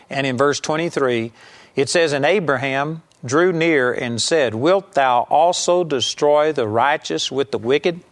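A man preaching a sermon, teaching earnestly and emphatically, and sometimes acting out the people in his story. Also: mid-range voice.

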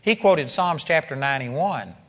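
A man delivers a sermon to a gathered congregation, pressing his points again and again and climbing into forceful exhortations. His voice sits a little high for a man. The sound rings with the long reverb of a large hall. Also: expressive, measured pace. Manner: emphatic, repetitive preaching with rising exhortations. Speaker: preacher. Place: church hall with an audience.

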